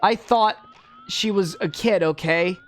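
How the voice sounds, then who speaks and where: A man's voice: high-pitched, unhurried, soft background music. A man giving casual gameplay commentary as a gaming YouTuber, rambling and sarcastic, with many restarts.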